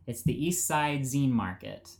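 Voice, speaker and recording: Casual radio host, loose and filler-heavy. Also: male voice, mid-range voice, animated, unhurried, creaky.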